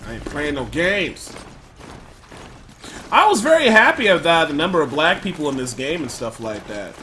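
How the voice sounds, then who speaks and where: A man giving gameplay commentary, thinking aloud and loudly trash-talking enemies with plenty of swearing. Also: fairly high pitch, big pitch swings, normal speed, slight background noise. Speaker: let's play commentator.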